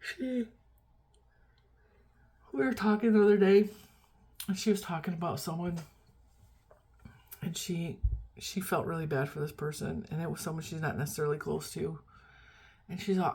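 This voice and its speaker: A woman's voice: fairly low pitch, fairly even intonation, normal speed, pauses often, a little mellow, slightly rough. A middle-aged woman vlogging in a rambling, chatty, self-deprecating way, tired and yawning as she talks. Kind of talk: casual chat.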